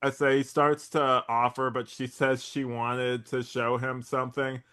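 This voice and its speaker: A man's voice: medium pitch, level tone, a little slow, pushed and bright, smooth. A young man co-hosting a casual rewatch podcast, rambling with lots of likes and ums and laughing often. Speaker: podcast co-host.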